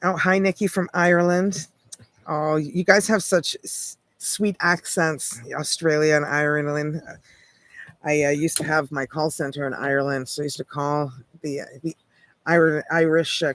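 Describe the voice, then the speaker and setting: Canadian woman, tarot livestream host, rambling casual chatter, deeper voice for a woman. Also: no echo. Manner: chatty, rambling, peppered with "like" and light laughs. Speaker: tarot reader hosting a livestream.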